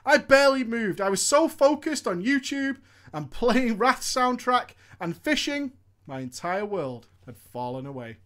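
A man's voice: very high voice, unhurried. A man comedically reading a viewer's gaming story aloud, breaking off to laugh, swear and comment. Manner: animated, swears freely, laughs often.

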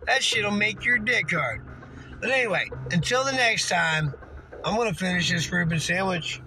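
A tipsy man with a Missouri accent hosting a casual podcast, telling a rambling, profane story that keeps getting more excited. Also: high-pitched, normal speed, soft background music, poor audio. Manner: profane, excitable, slurring a little. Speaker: podcast host.

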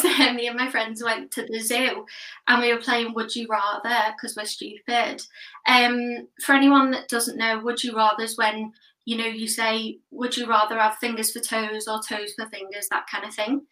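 A woman delivers a stand-up set in a slow, unhurried way, landing crude punchlines deadpan. Her voice is bright and a little high. It sounds roomy and echoey, caught from some distance off the mic. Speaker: stand-up comedian.

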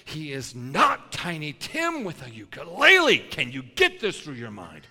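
A man preaching a sermon with animated, folksy storytelling that builds to shouting. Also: sits high. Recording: long hall reverb.

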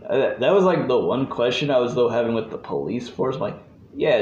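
A man in casual podcast chat about a movie, relaxed and jokey. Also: medium pitch, fairly quick. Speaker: podcast co-host. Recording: muffled echoey room with faint hiss.

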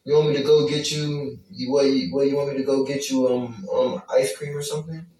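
Guy soothing someone over and over, mellow voice, far off with faint noise. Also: mid-range voice, fairly even intonation, fairly quick. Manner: pleading, soothing, repetitive. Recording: echoey, distant, faint background noise.

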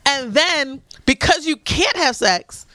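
A young adult woman hosting a podcast, telling stories in loud, laughing, slangy casual chat. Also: high-pitched, lively intonation, takes it slowly, no echo. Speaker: podcast host.

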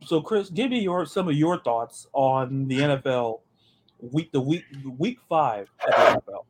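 A man hosting a sports podcast, talking in an animated, joking way and often repeating his words. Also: a little high, normal speed, noisy background. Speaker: podcast host. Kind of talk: casual sports chat.

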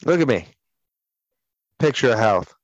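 A man's voice: medium pitch, animated, a little slow, no room sound, dull audio. A man co-hosting a radio show, telling stories in casual banter with a crude, profane, sardonic manner. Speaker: radio co-host.

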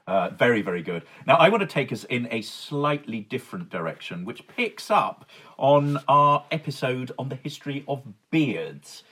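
Male podcast co-host, mid pitch, approving and brisk, guides the talk. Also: sing-song, sharp tone, slightly rough. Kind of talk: casual chat, steering the episode.

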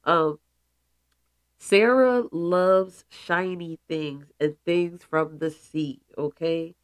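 A congested, stuffy-voiced woman hosts a spiritual show, talking slowly and leaning hard on key words. She drops playful asides between her points, and her voice sounds close and dry with no room around it. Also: lowish voice, no room sound. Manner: emphatic, playful asides, calls listeners goddesses. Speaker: spiritual podcast host. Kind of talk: casual spiritual talk.

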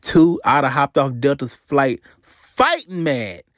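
A man's voice: medium pitch, takes it slowly, dry recording, studio quality. A man hosting a show, ranting in a casual comic way, swearing a lot and repeating himself. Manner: profane, animated, repeats himself. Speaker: podcast host.

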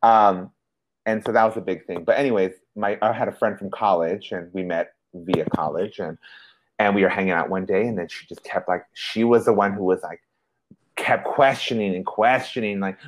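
A man's voice: fairly low pitch, moderate pace. A young man in casual podcast chat, telling a personal story with animation and acting out the other voices in it. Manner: animated storyteller, acts out quoted voices, heavy use of "like". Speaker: podcast co-host.

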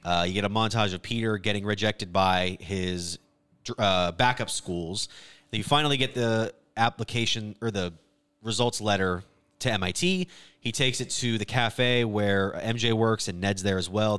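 A man co-hosting a casual podcast, retelling a film plot in an animated way with quick quoted lines. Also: fairly low pitch, clear, resonant tone. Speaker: podcast co-host. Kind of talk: casual movie recap chat.

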